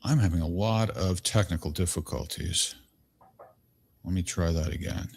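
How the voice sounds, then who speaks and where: A man's voice: low-pitched, moderate pace, heavy background noise. A man hosting a call-in talk show, chatty and easygoing with a bemused streak. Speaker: host. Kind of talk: casual talk show chat.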